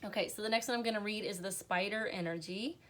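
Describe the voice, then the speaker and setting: A woman's voice: medium pitch, quick pace, fairly bright tone. Earnest, emotional woman reading tarot. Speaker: tarot reader. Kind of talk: live-streamed tarot reading.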